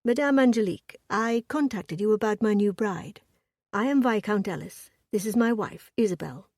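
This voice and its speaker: A woman voicing a young viscount who speaks quietly and firmly, in a storybook reading. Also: medium pitch, normal speed, no echo, studio quality, natural voice. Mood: matter-of-fact. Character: gallant young viscount husband, firm.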